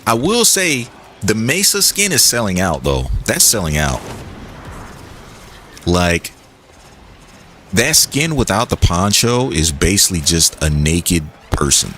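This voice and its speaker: A man's voice: low voice, takes it slowly, long pauses, a little hiss or hum. A young man chatting casually and joking with his chat while he plays a game on a stream. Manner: animated, joking, reads and answers chat. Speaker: gaming streamer.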